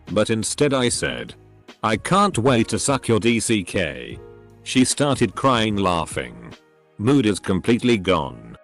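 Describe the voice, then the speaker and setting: A man reading online posts aloud as a scripted narration, his low voice moving through a lively, animated pitch range. He spells out censored words letter by letter. Faint music plays beneath him. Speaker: story narrator.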